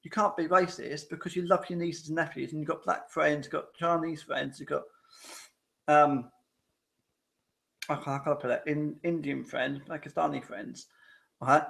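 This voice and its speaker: A rambling man hosts a casual live-stream chat. His voice sits a bit high and has heavy vocal fry. He keeps circling back on his own sentences and tosses questions to his viewers. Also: steady tone, normal speed, pauses often, fairly bright tone. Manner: rambling, repetitive, frequent restarts; addresses viewers directly with tag questions.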